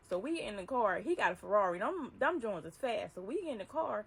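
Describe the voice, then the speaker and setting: A young adult woman vlogger telling a personal story casually, acting out the dialogue in an animated way. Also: medium pitch, fast, creaky, breathy edge. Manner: animated retelling, acts out dialogue. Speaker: vlogger, delivery driver.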